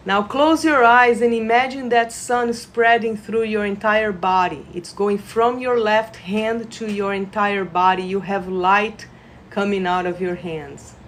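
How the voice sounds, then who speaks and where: A woman leading a live energy-healing session, guiding listeners with gentle instructions and sudden bursts of excited laughter. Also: mid-range voice, unhurried, a little hiss or hum. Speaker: reiki practitioner. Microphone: phone livestream.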